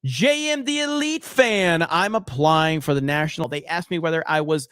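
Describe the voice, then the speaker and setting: A man hosting a casual livestream, reading chat messages aloud and reacting in excitable, profane bursts that drop into low mutters. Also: normal speed, smooth, no echo, studio quality. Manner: excitable and profane, swings between loud outbursts and low mutters. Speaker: livestream host.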